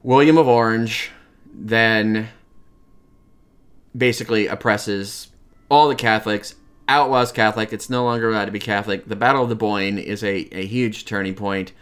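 A man's voice: on the low side, fairly even intonation, normal speed, a bit bright, smooth. A man giving an informal, conversational history lecture, with frequent restarts and playful asides. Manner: conversational, acts out quoted voices, many restarts. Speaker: history teacher.

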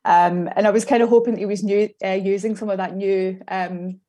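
A woman's voice: medium pitch, fairly even intonation, brisk, warm tone. A Scottish woman on a podcast panel, giving enthusiastic opinions about her football team. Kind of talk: casual football chat.

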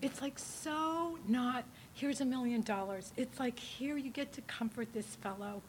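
A woman's voice: fairly high pitch, measured pace, a little hiss or hum. A woman telling her story casually to a live audience, rambling and laughing often, with lots of fillers. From New Hampshire. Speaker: speaker giving a testimony talk.

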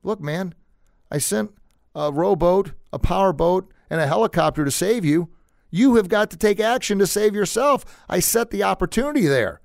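A man's voice: high-pitched, animated, moderate pace, gravelly, dry recording, studio quality, voice pushed up. A man voicing God as a firm, exasperated figure scolding a man in a told joke.

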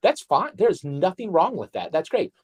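A man's voice: high-pitched, very animated, normal speed, darkish tone, slightly rough. A man co-hosting a casual discussion, rambling and repeating phrases as he thinks aloud. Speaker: co-host.

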